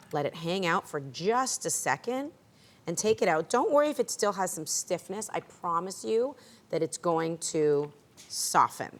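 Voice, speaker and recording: Woman walking through a recipe step by step. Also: on the low side. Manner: instructive, encouraging, step-by-step. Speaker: cooking show host. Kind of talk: cooking demonstration.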